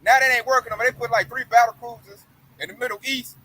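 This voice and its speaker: High-voiced man teaching scripture. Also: fairly even intonation, fast talker, husky, low-quality recording. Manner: loud reading of verses, then slangy joking asides with put-on voices. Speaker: bible study teacher. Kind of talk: informal scripture study and commentary.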